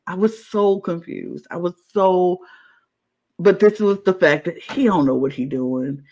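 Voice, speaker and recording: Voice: mid-range voice, expressive, moderate pace, a little mellow, low-quality recording. A podcast co-host recapping a reality show in casual chat, talking animatedly and acting out contestants' lines in exaggerated voices.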